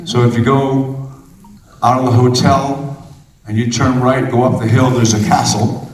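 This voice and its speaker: A man in his sixties telling rambling, jokey stories to a convention crowd. His voice sits at an ordinary middle pitch. The room is echoey and the mic picks him up from a distance. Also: little pitch movement, unhurried, a little mellow, a little hiss or hum. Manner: rambling, chatty, jokey anecdotes. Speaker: celebrity guest speaking at a fan convention. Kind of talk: casual on-stage storytelling. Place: convention hall stage. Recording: echoey hall recorded from far off.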